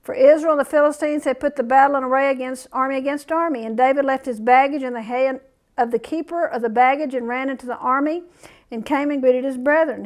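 A woman preacher delivering a sermon, reading scripture aloud and breaking into folksy, fiery asides. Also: high-pitched.

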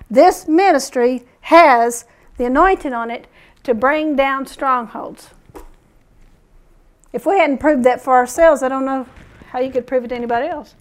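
High-voiced woman preaching a sermon. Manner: animated storytelling, chuckling.

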